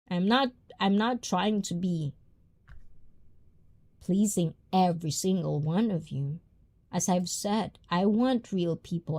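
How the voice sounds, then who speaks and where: A woman's voice: mid-range voice, darkish tone. A woman livestream host, not a native English speaker, talking bluntly and reading viewer comments aloud. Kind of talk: casual talk with chat.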